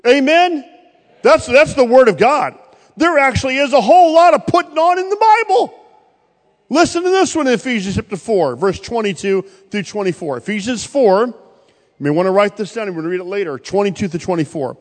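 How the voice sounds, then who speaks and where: High-voiced pastor in a reverberant hall. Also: male voice, big pitch swings, a little fast. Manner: preaching with sudden loud rises and quiet drops. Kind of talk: sermon.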